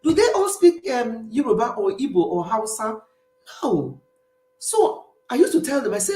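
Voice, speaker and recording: On her casual live stream, this Nigerian woman chats in a sing-song, slightly high voice at a moderate pace. She responds to incoming comments with a warm accent and frequent laughter, and the sound carries a roomy echo.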